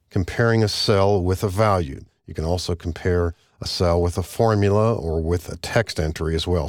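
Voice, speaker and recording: A man narrating a screen-recorded software tutorial, explaining each step in a measured, methodical way. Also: deep voice, no echo, studio quality. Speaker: software instructor.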